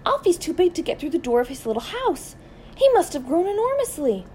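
Woman voicing a gushing, high-voiced lady. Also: very animated, moderate pace, dark tone, slight background noise. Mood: excited. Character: excitable middle-aged woman, tortoise owner.

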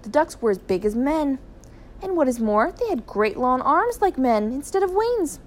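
A woman's voice: high-pitched, normal speed. Woman reading a children's story aloud. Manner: clear, even, expressive reading.

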